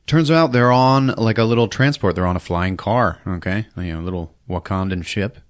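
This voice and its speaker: A man's voice: on the low side, moderate pace, dry recording, clean studio sound. Profane joking man recapping a film. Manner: profane, laughing, acts out scenes. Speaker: podcast host.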